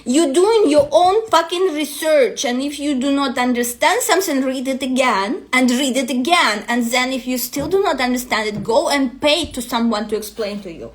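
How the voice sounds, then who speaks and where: A woman's voice: sits high, animated, normal speed, few pauses. A woman coach with a non-native English accent, ranting bluntly and profanely to her vlog audience. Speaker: destiny matrix coach.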